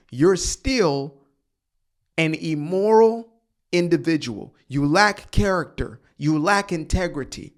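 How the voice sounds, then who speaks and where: Heated male commentary host, somewhat high voice, preachy rant. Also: lively intonation, measured pace. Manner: heated, preachy, swears, rhetorical questions.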